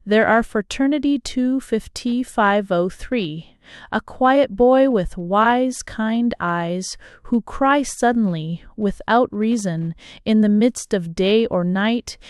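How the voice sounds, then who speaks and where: A woman reads a novel aloud at an unhurried, deliberate pace. Her voice is smooth and clear in a mid register, recorded close with almost no room sound. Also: mid-range voice, no room sound. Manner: slow, measured reading. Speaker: audiobook reader. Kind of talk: scripted narration.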